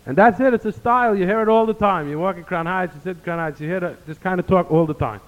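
A man's voice: high-pitched, fast. New guy preaching, earnest, tells stories, sounds tinny, kinda echoey hall. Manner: earnest storytelling with Hebrew phrases. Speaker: rabbi giving a talk. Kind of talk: sermon.

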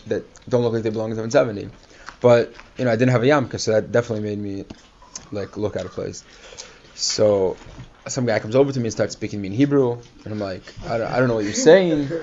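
A man casually telling a personal story, rambling with many fillers and acting out the people he quotes. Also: medium pitch. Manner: rambling, filler-heavy, animated quoting of others. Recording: dull lo-fi recording with faint hiss.

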